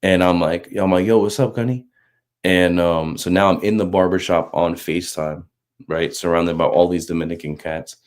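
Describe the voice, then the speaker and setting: A man in his thirties with a low voice tells a personal story about faith in a loose, chatty way. He is full of fillers and restarts. He acts out the voices of the people in his story with animated bursts. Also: moderate pace. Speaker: Marine recruiter.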